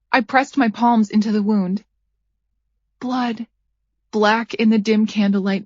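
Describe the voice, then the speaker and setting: A woman reads a first-person psychological thriller at a measured pace, keeping a tense edge. Her voice sits in an ordinary middle register. The recording is close and dry with no room sound, and the top end is a little dull. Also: medium pitch, dry recording. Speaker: audiobook narrator. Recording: dry, slightly dull studio read.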